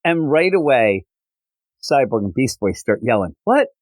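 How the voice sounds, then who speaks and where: A man hosting a podcast, casually recapping a comic book issue in an animated way with frequent fillers. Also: mid-range voice, normal speed, no echo, low-quality recording. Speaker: podcast host.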